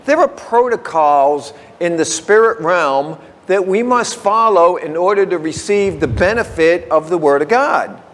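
A man preaching a conversational sermon as pastor, chatty and folksy, slowing down to read definitions word by word. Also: sits high, expressive. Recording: long hall reverb.

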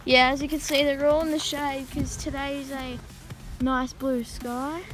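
High-voiced woman vlogging outdoors. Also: fairly even intonation, moderate pace, over music, rough recording. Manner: rambling, many ums. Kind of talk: casual vlog narration. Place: outdoors on a farm. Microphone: handheld phone camera.

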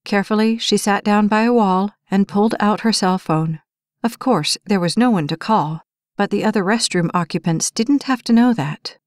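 A woman narrating an audiobook in an even, measured storytelling voice. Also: medium pitch, no room sound, clean studio sound.

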